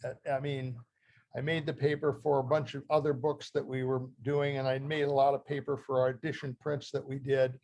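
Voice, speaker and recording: An older man from Ohio, a guest speaker who reads from his memoir in a halting, heartfelt way and often restarts his phrases. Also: medium pitch, flat delivery, darkish tone, slight background noise. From Ohio, USA. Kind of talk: talk reading from his memoir.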